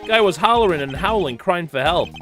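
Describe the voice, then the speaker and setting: A man voicing a gruff, streetwise male convict boxer with slangy tough-guy talk. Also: high-pitched, animated, a little fast, fairly bright tone, soft background music, voice pushed up.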